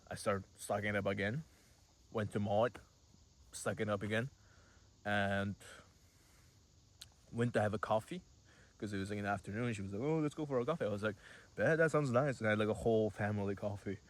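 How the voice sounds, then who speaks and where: An 18-year-old man rambles through a casual vlog story, leaning on fillers and dropping swear words. His voice sits on the lower side for a man. He talks loosely, like he is catching up with a friend. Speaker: vlogger.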